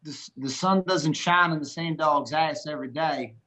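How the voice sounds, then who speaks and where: A man's voice: fairly high pitch, normal speed, bright, forceful tone. A man putting on a Texan accent to deliver a crude folksy put-down. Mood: teasing. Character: gruff Texan man trading folksy insults.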